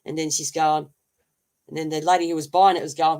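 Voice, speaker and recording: A woman's voice: low voice, flat delivery, brisk, a little mellow. A woman with an Australian accent hosting a casual live chat, telling a long story with many fillers and restarts. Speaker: host.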